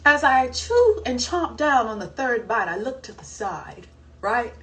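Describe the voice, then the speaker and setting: A young woman from the American South telling a story in a casual, animated and dramatic way. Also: fairly high pitch, unhurried. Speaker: singer on a livestream. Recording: distant mic, faint background noise.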